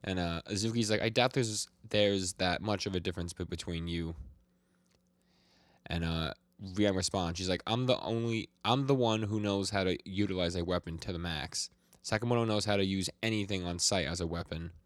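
Podcast co-host, man with a deep voice, casual recap style, quoting characters, dry sound. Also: normal speed, no echo. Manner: retells scenes, quoting characters with light voice shifts, frequent laughs and restarts. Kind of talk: casual chat recapping manga chapters.

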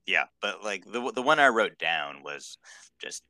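Male podcast co-host, deep bright voice, casual rambling fan talk. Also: sing-song, a little slow, no echo. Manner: enthusiastic, rambling with many fillers. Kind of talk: casual chat.

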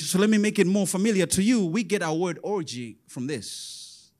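A man preaching a sermon in a very high voice. He talks to the congregation in a lively, sing-song way and chuckles between points, with quick call-outs to the crowd. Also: gravelly. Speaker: pastor.

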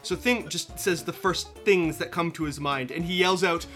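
A man's voice: fairly high pitch, normal speed, pushed and bright, soft background music. A man playing a tabletop game, casually describing his character's actions. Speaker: player.

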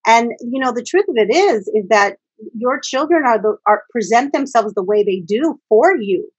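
Husky-voiced earnest woman. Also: fairly high pitch, animated, moderate pace, darkish tone, dull audio. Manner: earnest, emphatic, swears for emphasis. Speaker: guest speaker with early education and trauma background. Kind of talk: candid conversational podcast talk.

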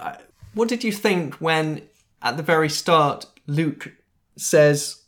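A man's voice: a little high, lively intonation, slow, a bit bright. Easygoing male podcast co-host. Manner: easygoing, adds details and quips. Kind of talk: casual chat reviewing a film.

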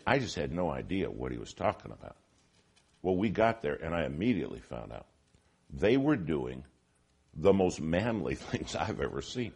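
Deep husky preacher man. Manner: animated storytelling, shifting from hushed to loud. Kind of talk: sermon. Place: auditorium.

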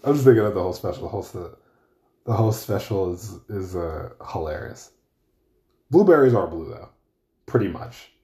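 A man's voice: low-pitched, expressive, normal speed, pauses often, dark tone. A young man hosting a casual solo podcast, rambling, swearing freely and correcting himself mid-sentence from a room at home. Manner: rambling, profane, self-correcting. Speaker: podcast host. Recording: roomy echoey room.

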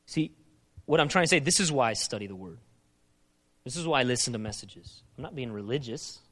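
A man preaching a sermon, asking emphatic repeated questions and moving between urgent loud passages and quieter reflective talk. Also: medium pitch, expressive, a little fast. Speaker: pastor.

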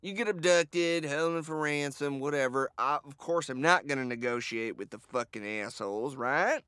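A man with a Southern US accent co-hosting a comedic podcast, rambling and cursing, often getting loud and excited. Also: medium pitch, moderate pace, smooth, no echo, clean studio sound. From American South. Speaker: podcast co-host. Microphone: podcast microphone.

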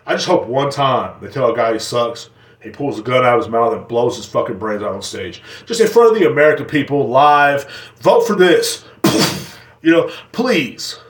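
A man's voice: medium pitch, echoey room. A man hosting a podcast, ranting crudely and rambling with heavy profanity. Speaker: podcast host. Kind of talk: comedic rant.

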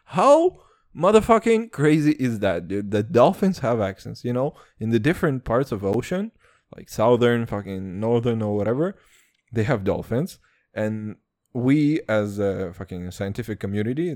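A young man hosts a casual solo podcast, rambling, swearing, and poking fun at himself. His accent sits between Eastern European and American, and his first language is Serbian or Turkish. The voice is mid-range and a little mellow, recorded dry with clean studio sound.

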